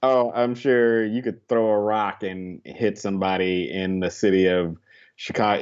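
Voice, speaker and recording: Very deep-voiced playful woman guest. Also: steady tone, measured pace, darkish tone, smooth, highs cut off. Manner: playful, acts out voiced quotes. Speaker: guest, improv performer. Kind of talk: casual comedic chat.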